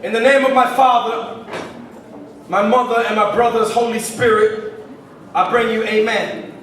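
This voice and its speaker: A man's voice: very high-pitched, level tone, measured pace, a bit bright, a little hiss or hum. A man in his twenties with Dominican roots from New York City performing spoken word poetry, rhythmic and emphatic, clipping and repeating words for effect. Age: 20s. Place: large college performance room. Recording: echoey hall recorded from far off.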